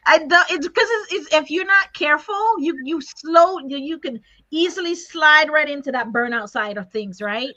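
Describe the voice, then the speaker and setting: Bright, high-voiced woman host. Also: normal speed, hardly any pauses, no echo, dull audio. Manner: laughs often, lively and expressive. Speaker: podcast host. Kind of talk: casual interview chat.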